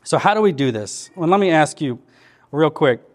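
A man's voice: on the high side, lively intonation, normal speed. A man preaching a sermon as pastor to his church, in an earnest, conversational way with many questions to the listeners.

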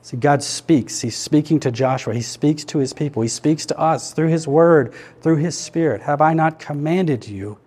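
A pastor speaking to his congregation in an earnest, conversational way, often turning to questions. His voice sits somewhat high for a man. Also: normal speed, hardly any pauses, mellow, slightly rough. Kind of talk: sermon. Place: church.

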